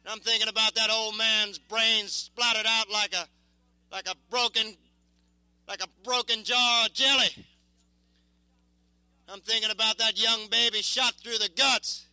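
High-voiced intense young veteran man. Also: sharp tone, clear, resonant tone, no echo, rough recording. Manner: intense, repetitive, halting. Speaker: war veteran. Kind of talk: impassioned spoken testimony.

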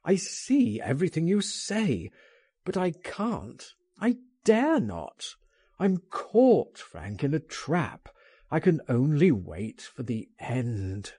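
A man's voice: fairly high pitch, sing-song, slow, dark tone, breathy edge, dry recording, studio quality, exaggerated voice. A man voicing a frightened grown man who pleads in despair, in an anguished manner.

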